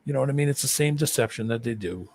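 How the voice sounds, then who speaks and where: A man's voice: medium pitch, expressive, rapid-fire, darkish tone, a little hiss or hum. A man in casual chat on a live stream video call, rambling and conspiratorial as he explains something. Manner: rambling, conspiratorial, talks over the other man.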